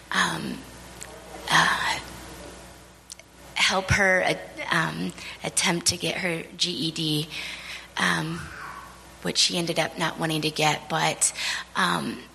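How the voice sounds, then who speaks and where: A woman sharing a personal testimony in church, halting with many pauses and fillers, earnest. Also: lowish voice, gravelly, sharp tone, breathy edge, poor audio.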